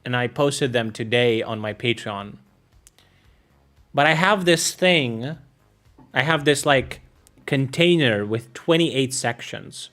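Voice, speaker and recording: A man's voice: medium pitch, expressive, slow, pauses often, fairly bright tone. A man from Ukraine streaming live, chatting casually with viewers, cracking jokes, swearing and laughing at himself. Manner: joking, swearing, laughing at his own jokes. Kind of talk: casual live-stream chat reacting to clips.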